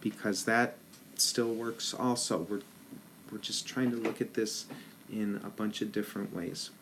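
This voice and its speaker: A man with a fairly low voice teaches a rhythm lesson at an unhurried pace. He patiently counts rhythms aloud in ta syllables. A faint hiss of noise sits under the recording. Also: level tone. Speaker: band director.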